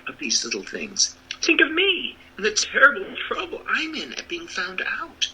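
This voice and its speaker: An American man voicing a meek little humbug wizard, talking in a quavering, hushed voice that often drops to a whisper. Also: on the high side, very animated, normal speed, a little hiss or hum, voice pushed up, heavily acted, rough recording. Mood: confessing.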